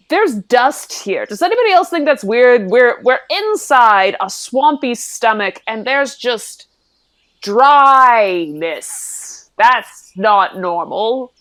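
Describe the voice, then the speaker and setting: A woman's voice: a little high, big pitch swings, slow, a bit bright. A woman player in a tabletop role-play game, talking in a rambling, giggly way with many restarts. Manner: rambling, giggly, self-interrupting.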